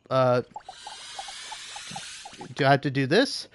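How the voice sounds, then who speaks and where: A man's voice: sits high, lively intonation, unhurried, long pauses, dry recording, clean studio sound. A man giving profane, ranting gameplay commentary, often laughing at his own jokes. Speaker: gameplay streamer.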